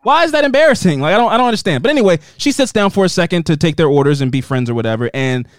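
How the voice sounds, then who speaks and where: A man's voice: high-pitched, animated, racing, no echo, studio quality. A man co-hosting a podcast, recapping a TV show in casual chat, sarcastic and laughing often as he acts out quotes. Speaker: podcast co-host.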